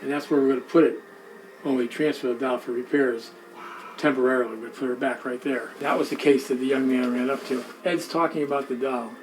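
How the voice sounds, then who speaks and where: Animated male storyteller in a museum. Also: medium pitch, brisk, a little hiss or hum, low-quality recording. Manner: animated, acts out quoted voices, repeats himself. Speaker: museum guide telling a story. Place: indoor museum room.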